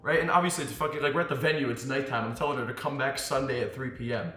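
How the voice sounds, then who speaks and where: A man's voice: mid-range voice, rapid-fire. A man coaching on dating in a casual monologue, telling stories with swearing and acting out what people said. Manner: animated storyteller who swears and acts out quotes. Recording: echoey room with faint music.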